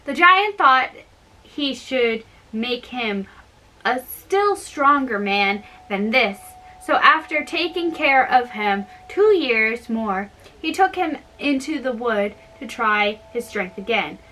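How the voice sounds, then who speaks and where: A woman reading a fairy tale aloud slowly and carefully, with small slips. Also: on the high side, expressive, sharp tone, a little hiss or hum, rough recording. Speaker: storyteller.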